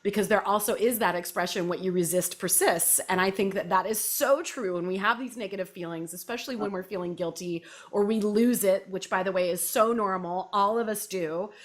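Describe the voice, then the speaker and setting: A woman's voice: medium pitch, fairly quick, few pauses. A middle-aged woman hosting a casual talk show, chatting in a loose, conversational way full of "like" and "you know". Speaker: podcast host. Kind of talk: casual chat.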